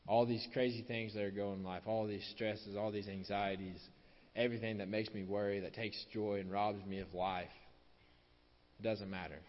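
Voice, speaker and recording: Low-voiced man preaching in an echoing hall. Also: little pitch movement, moderate pace. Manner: repeats key phrases for emphasis, drops softer on closing lines. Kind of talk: sermon. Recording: dull lo-fi sound with long hall reverb.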